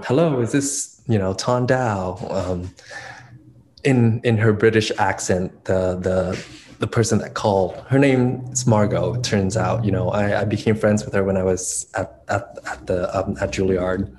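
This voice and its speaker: A man's voice: low-pitched, fairly even intonation, measured pace, a little mellow, slight background noise. A male dance choreographer being interviewed, recalling his past in a reflective way with many fillers and restarts. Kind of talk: casual interview storytelling.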